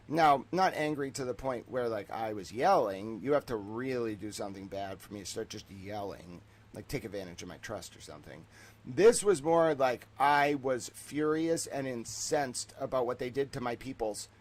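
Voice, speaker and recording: Excitable rambling man streamer. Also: medium pitch, moderate pace. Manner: excitable, digressive, shifts between loud and mumbled. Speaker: streamer host. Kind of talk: rambling monologue.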